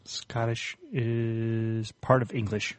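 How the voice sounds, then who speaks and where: A man's voice: medium pitch, little pitch movement, takes it slowly, dry recording. A man co-hosting a casual podcast, teasing the others. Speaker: podcast co-host.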